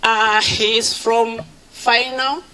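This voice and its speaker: Bright-voiced woman giving a speech. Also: a little high, level tone, slow, poor audio. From Zimbabwe. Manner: emotional, mixing English and Shona, many thank-yous. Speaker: charity founder giving a speech. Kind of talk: public speech at an event.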